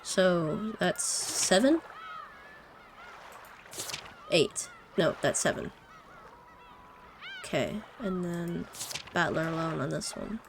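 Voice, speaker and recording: A woman casually commenting on a visual novel as she plays, excitable and thinking aloud. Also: lowish voice, takes it slowly, pauses often, background noise. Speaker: let's-play streamer.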